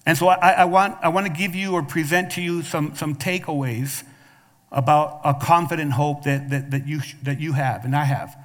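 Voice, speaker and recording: This pastor's voice is fairly high, with fairly even intonation and a normal pace. During his sermon in a reverberant church sanctuary, he asks the congregation for responses and often begins his words again with repeats.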